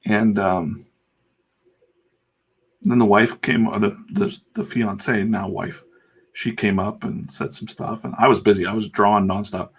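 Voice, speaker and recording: A man's voice: lowish voice, steady tone, measured pace, husky. A man who livestreams himself drawing comics, telling a rambling, casual story full of fillers and asides. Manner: chatty, digressive, full of fillers.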